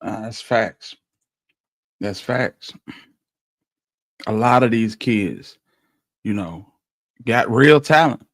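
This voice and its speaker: Low-ish guy talking slow and sad, lots of pauses, dry close mic. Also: expressive, dry recording. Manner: slow, somber, with many pauses and fillers. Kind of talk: casual reflective talk.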